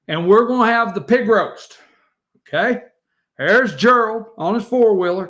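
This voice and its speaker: A man's voice: sits high, animated, unhurried, a bit bright. A man hosting a morning show, telling rambling family stories over old photos and chatting straight to his viewers.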